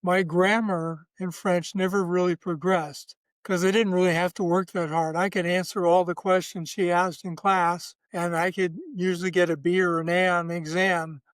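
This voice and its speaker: A man in his seventies, a guest telling relaxed personal anecdotes in a measured way. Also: high-pitched, dry recording. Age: 70s. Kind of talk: casual storytelling.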